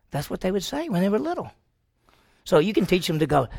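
A man's voice: high-pitched, big pitch swings, fast, vocal fry, darkish tone, slightly rough, dry recording, studio quality. A middle-aged male pastor preaching a sermon, asking his congregation questions and answering them himself, acting out quoted voices.

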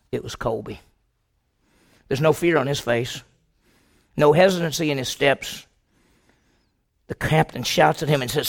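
A male preacher with a gravelly, mid-pitched voice delivers a sermon as a dramatic story. He moves between raised, pointed questions and hushed, drawn-out lines spoken to the congregation. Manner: swings from loud questions to hushed, slow delivery.

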